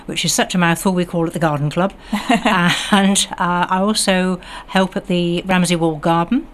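This older West Country woman has a received pronunciation, southern English accent and a lowish, steady voice at a moderate pace. Appearing as a guest on local radio, she chats casually, hesitating with plenty of ums and restarts.

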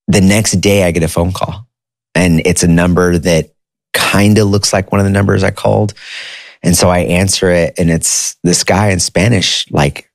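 Deep-voiced man telling a personal story. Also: dry recording, clean studio sound. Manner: conversational, loose, says "dude" and "like" often.

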